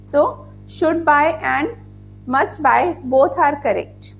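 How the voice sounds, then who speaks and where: A woman's voice: high-pitched, slow pace, creaky, slight background noise. A woman teaching grammar in an online class. She explains patiently and spells words out letter by letter. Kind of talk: online class, reading out student answers.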